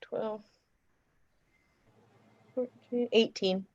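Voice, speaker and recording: A woman playing a tabletop game, chatty and quick to chime in. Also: a little high, fairly even intonation, a little mellow. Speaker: player. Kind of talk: casual tabletop play. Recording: dull, muffled audio.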